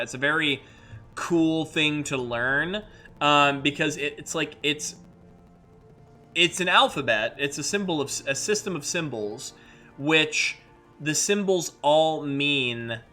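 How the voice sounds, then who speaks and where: A young adult man, a host and voice actor, chatting casually on a livestream in a rambling, animated way with many fillers. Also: mid-range voice.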